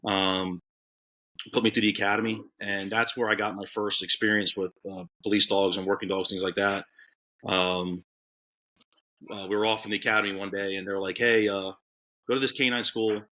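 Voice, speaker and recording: A man's voice: sits low, little pitch movement, moderate pace, bright, forceful tone. A man in his thirties from Florida, a guest telling his story in casual chat, rambling with many fillers. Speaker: podcast guest, K9 handler.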